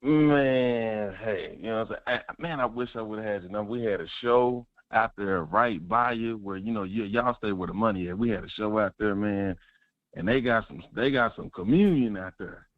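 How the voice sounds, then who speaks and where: A man calling into a sports radio show, talking fast and fired up, with lots of repetition and cussing. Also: lowish voice, no room sound. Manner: animated, swears, preachy repetition. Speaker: caller. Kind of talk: excited sports call-in. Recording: muffled phone line.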